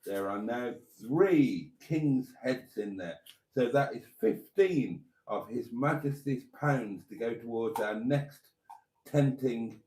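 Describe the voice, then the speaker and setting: A man's voice: mid-range voice, lively intonation, slow, a little mellow. A man hosting a live stream, chatting casually as he reads out viewer comments in a camp, teasing way with frequent laughs.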